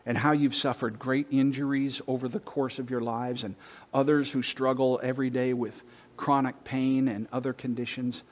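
A man preaching a sermon from the pulpit to his congregation, earnest, dropping to hushed near-whispers and rising on points of emphasis. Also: medium pitch, dull audio. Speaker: pastor. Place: church sanctuary.

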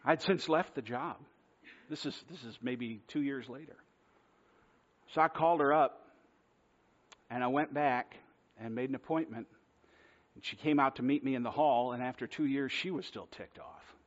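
A man's voice: mid-range voice, a little slow, long pauses. Man preaching a conversational sermon, lo-fi. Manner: conversational storytelling, self-deprecating. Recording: dull lo-fi sermon recording.

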